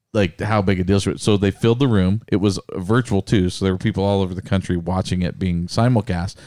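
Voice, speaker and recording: A man's voice: fairly low pitch, dark tone, no echo, clean studio sound. A man co-hosting a podcast who tells stories animatedly, swearing and acting out quotes. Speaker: podcast co-host. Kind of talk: casual storytelling chat.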